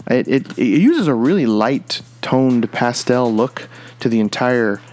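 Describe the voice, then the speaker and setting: A man's voice: medium pitch, animated, measured pace, darkish tone. Rambling enthusiastic man reviewing comics. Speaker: comic book podcast host. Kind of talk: casual comic review monologue.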